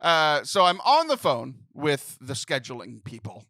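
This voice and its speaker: A man in his thirties hosting a podcast, telling a comic story with animated, laughing delivery and exasperated outbursts. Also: on the high side, unhurried, dry recording, studio quality. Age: 30s. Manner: animated, laughing, acts out phone voices in exasperated bursts. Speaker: podcast host. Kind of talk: comedic storytelling chat.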